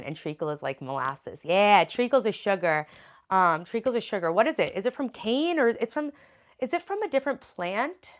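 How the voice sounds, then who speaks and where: A woman hosting a casual livestream, chatting loosely with many fillers and reading viewer comments aloud. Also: lowish voice. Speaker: livestream host.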